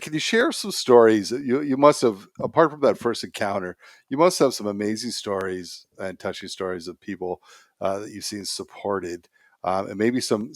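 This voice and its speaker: A man with a lowish voice hosting a podcast, recorded close with no room sound. He asks his guest encouraging questions. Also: dry recording. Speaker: podcast host. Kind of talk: podcast interview.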